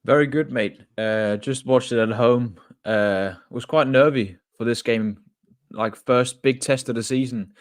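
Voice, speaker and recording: A man speaking as a regular podcast panelist, in a relaxed, plain-spoken way. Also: mid-range voice, measured pace, dry recording, clean studio sound. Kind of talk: casual chat.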